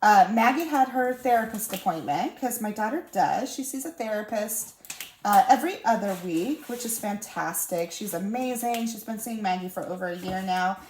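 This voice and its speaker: Chatty mom in a roomy space. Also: female voice, mid-range voice, expressive, moderate pace, a little hiss or hum. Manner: chatty, warm-hearted storytelling with laughs and fillers. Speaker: vlogger chatting while crafting. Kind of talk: casual chat. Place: room at home. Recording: roomy echo.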